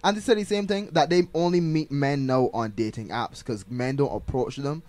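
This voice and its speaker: Inquisitive podcast host, dry sound. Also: male voice, medium pitch, normal speed, a little mellow, no echo. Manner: probing, asks pointed questions. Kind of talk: casual chat.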